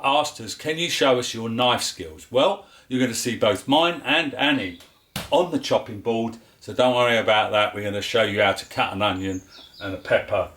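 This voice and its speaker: A man with a London accent hosts a homemade cooking vlog in a relaxed, chatty way. He cracks little jokes and fills gaps with "um" and "uh." His voice sits in an ordinary middle pitch. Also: moderate pace. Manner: chatty and jokey, with filler words. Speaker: cooking show host. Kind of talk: casual home cooking vlog.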